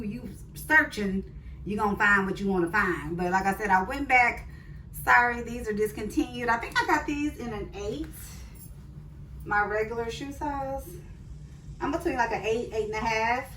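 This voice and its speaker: A woman's voice: on the high side, fairly bright tone, distant mic, a little hiss or hum. A woman, chatting casually with viewers in a try-on haul and calling them girl and sis. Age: 40s. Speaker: fashion vlogger. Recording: echoey room, voice off-mic.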